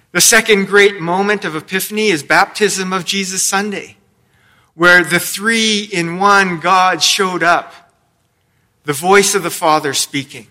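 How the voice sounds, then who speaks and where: A male pastor delivers a sermon in an unhurried, measured way, his voice bright and ringing. He tells the story with playful, light-hearted asides. His pitch sits a little above the usual for a man. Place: church sanctuary.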